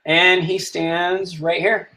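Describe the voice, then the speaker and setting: A man's voice: sits high, level tone, slow, pushed and bright, rough recording. A man narrating as game master of a tabletop role-playing game, who plays the characters in his own voice.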